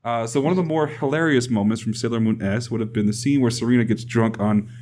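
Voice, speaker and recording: A man's voice: mid-range voice, fairly even intonation, quick pace, darkish tone. Laughing male interview host. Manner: easygoing, laughs a lot, short reactions. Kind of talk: casual fan interview.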